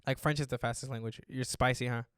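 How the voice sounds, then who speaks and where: A man's voice: medium pitch, fairly even intonation, fast, a little hiss or hum. A young man co-hosting a casual podcast, teasing his friend, swearing freely and leaning on filler words. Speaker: podcast co-host. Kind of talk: casual chat.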